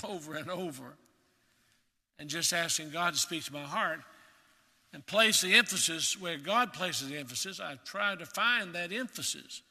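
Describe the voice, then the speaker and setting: A man delivers a sermon in an earnest, emphatic voice, drawing out the words he wants to stress. His tone is strikingly bright and sits a little high. The sound rings with the long reverb of a large church hall. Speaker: preacher.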